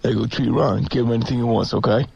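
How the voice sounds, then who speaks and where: A man, a comedian guest on a radio show, telling stories casually with a sore throat and quick character voices. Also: mid-range voice, steady tone, gravelly, dark tone, husky, lo-fi sound.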